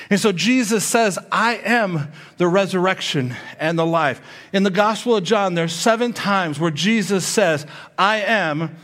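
A man preaching a sermon with a slightly higher-than-usual voice. He reads scripture aloud and then explains it in a plain, chatty way, often pausing to check in with his listeners. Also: fairly bright tone. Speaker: pastor.

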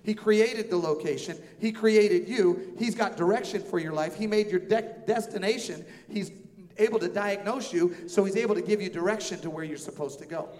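A man in his thirties preaching a sermon as pastor, emphatic, repeating phrases and swinging between soft and loud delivery. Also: high-pitched, moderate pace. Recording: reverberant hall with faint music.

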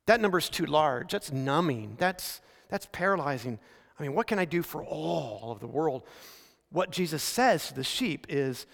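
A male pastor preaching a sermon in a relaxed, storytelling way, slowing down to stress key phrases. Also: a little high, creaky. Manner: conversational storytelling preaching with frequent slowdowns for emphasis. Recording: long reverb of a large hall.

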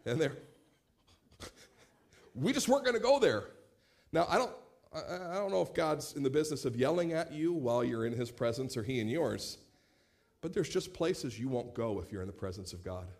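A man in his late thirties preaching a sermon as pastor, animated, acting out quoted voices and repeating words as he starts phrases. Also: medium pitch, moderate pace, pauses often. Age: 30s.

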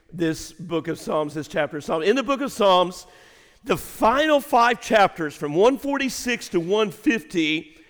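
A man preaching a sermon in a church, folksy and joking with the congregation, emphatic and slow when reading scripture. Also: sits high. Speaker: pastor. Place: church sanctuary. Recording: long hall reverb.

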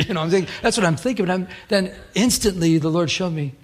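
A husky, slightly higher-pitched man preaches on the radio in an easy, conversational way. He is middle-aged and tells stories from his own life, acting out the voices of the people in them. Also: animated, fast talker, few pauses. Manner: conversational storytelling preacher, acts out quoted voices. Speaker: pastor. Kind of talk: radio sermon.

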